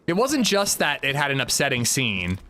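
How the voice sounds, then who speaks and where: A man's voice: mid-range voice, huge pitch swings, moderate pace, bright, forceful tone, slight background noise. A man streaming a video game live, chatting casually and bluntly to his viewers, rambling with swearing and restarts. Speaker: gaming livestreamer. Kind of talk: casual live gameplay chat.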